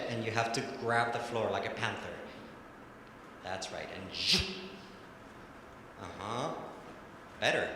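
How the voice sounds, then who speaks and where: A man's voice: mid-range voice, a bit bright. A man who speaks English as a second language, coaching ballet dancers live in a studio, encouraging them and counting out rhythms. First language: Spanish. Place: large echoey studio hall. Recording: echoey hall, faint noise.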